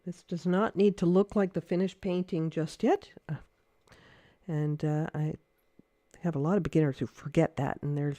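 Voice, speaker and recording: A woman demonstrates watercolor painting in a relaxed livestream, her voice mellow and warm. She thinks aloud, hesitating and correcting herself, and speaks in a gentle, encouraging way. The sound is dry and close, with no room echo. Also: deep voice, moderate pace. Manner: chatty, thinking aloud, hesitant with many fillers. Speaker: watercolor art teacher.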